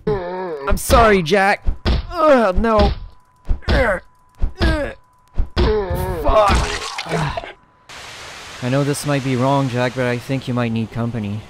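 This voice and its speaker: Man, gaming commentary, lively up-and-down voice, slow unhurried delivery, swears and laughs a lot. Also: mid-range voice, music in the background. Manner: animated, sweary reactions with frequent laughs. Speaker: gaming YouTuber. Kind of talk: let's-play commentary.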